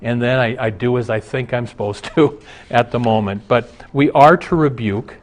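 A middle-aged man preaching a sermon for a broadcast show. He speaks in an ordinary middle register, earnest and emphatic, building to stressed points and dropping back to a quieter, conversational tone. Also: medium pitch, moderate pace. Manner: earnest, emphatic preaching with rising and falling intensity. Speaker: pastor.

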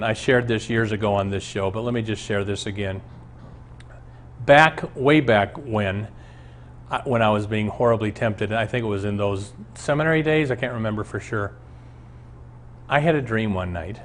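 A man's voice: lowish voice, normal speed, a little hiss or hum. A man who is a pastor, teaching a Bible lesson on a show and telling stories from his own life in an earnest preaching manner.

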